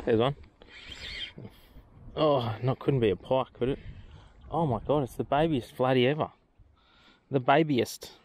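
A man's voice: mid-range voice, a little slow, pauses often, a little mellow. An Australian man on a boat outdoors, giving casual, chatty commentary as he fishes and talks to the fish he catches. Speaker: fishing vlogger.

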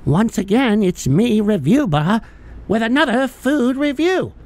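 A man putting on the voice of a male food reviewer, talking in a deliberately slow, drawn-out way. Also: very high voice, sing-song, a little mellow, pitched above the performer's own voice, exaggerated voice. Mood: mocking.

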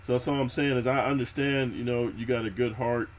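Over a little hiss or hum, a middle-aged man speaks briskly in a steady, medium-pitched voice. He's a YouTube prison-story host delivering an unscripted, casual monologue of prison and military stories, with heavy street slang, constant swearing, and "homie" for the listener.

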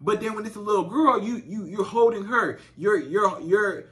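A man's voice: sits high, normal speed, bright, forceful tone. A man giving relationship advice to women in a casual monologue, stammering, restarting and repeating himself. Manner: repetitive, stammering restarts, acts out quoted voices.

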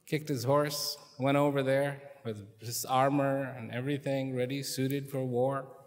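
A man telling a story to a live audience in a large hall and questioning them directly, in a slow, deliberate manner. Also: mid-range voice, little pitch movement. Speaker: speaker addressing an audience. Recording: long hall reverb.

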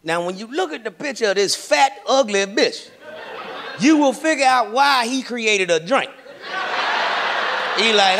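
High-pitched guy doing stand-up, loud cussing punchlines, noisy live show. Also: expressive, unhurried, vocal fry, pauses often. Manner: brash, profane, loud punchlines. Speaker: stand-up comedian. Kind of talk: stand-up comedy set. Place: live comedy stage before an audience. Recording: live show with crowd and noise.

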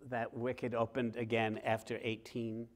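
A middle-aged author talking with a host before a live theater audience, telling stories in a lively way and acting out scenes. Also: male voice, medium pitch, measured pace. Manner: lively, acts out scenes with sounds and quoted voices. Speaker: author guest. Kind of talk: animated storytelling in conversation.

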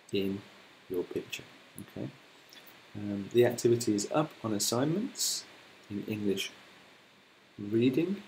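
A male primary school teacher reading a story aloud and explaining to children in a gentle manner. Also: on the low side, slight background noise, poor audio.

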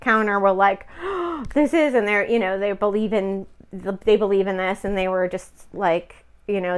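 A woman's voice: medium pitch, fairly bright tone, clear, resonant tone. A middle-aged woman telling a personal story in a casual, chatty, emotional way, full of fillers and quoted dialogue.

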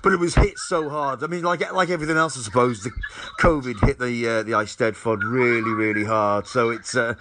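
A male radio presenter asking questions in a relaxed, conversational way. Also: mid-range voice, brisk, noisy background. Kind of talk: radio interview.

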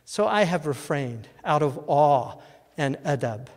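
A man giving a lecture as a college president, reciting verse in a measured, solemn way. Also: a little high, animated, darkish tone. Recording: long hall reverb.

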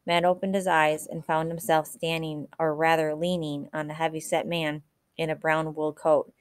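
Low-voiced woman reading a novel. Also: normal speed, no room sound, studio quality. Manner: steady storytelling with small slips and restarts. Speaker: reader. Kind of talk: reading a children's novel aloud.

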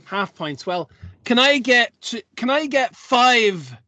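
A man's voice: extremely high pitch, sing-song, slow, bright, forceful tone, no echo, heavily acted. A man voicing a sociable, secretive male dwarf traveller who talks hesitantly and stumbles over his words. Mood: chatty.

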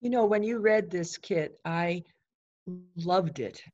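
A woman's voice: fairly low pitch, slow, a little mellow. A woman in a casual church discussion, reflective and thoughtful, heard on muffled lo-fi video call audio.

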